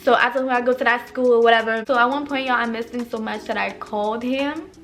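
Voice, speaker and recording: A young woman telling stories in a casual, animated way, swearing a lot and acting out what people said. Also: on the high side, fast talker, faint music behind. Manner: animated, profane, acts out quoted lines. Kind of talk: casual storytime monologue.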